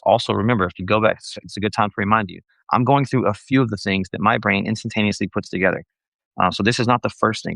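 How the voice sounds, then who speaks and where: This man rambles as he addresses church leaders over a live stream, drifting into tangents, catching and correcting himself partway through sentences, and delivering it all with blunt sarcasm. His voice is gravelly and fairly low. The audio is close-miked and slightly bright, entirely dry with no room sound.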